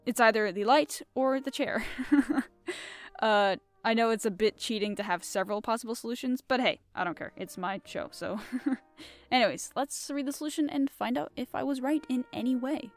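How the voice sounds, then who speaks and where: A woman's voice: a little high, normal speed, soft background music. A young woman hosting a show, chatting casually and giggling as she reads mystery puzzles aloud, rambling with many fillers. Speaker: podcast host.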